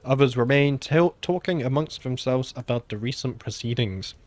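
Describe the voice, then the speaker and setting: Relaxed British man musing through a strategy game. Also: medium pitch, normal speed, dry recording. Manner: relaxed, musing, frequent "uh" fillers. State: slightly under the weather, clearing throat. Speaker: gaming channel host. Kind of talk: casual let's-play commentary.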